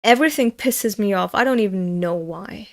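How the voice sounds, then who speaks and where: This young woman from Europe is streaming herself reading manga aloud and ranting about it bluntly, angrily, and with plenty of swearing. She speaks at a normal speed in a mid-range voice.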